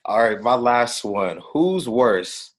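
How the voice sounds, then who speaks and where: A man hosting a casual podcast interview, asking short, relaxed questions. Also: mid-range voice, slow pace. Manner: relaxed, brief prompting questions. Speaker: podcast host.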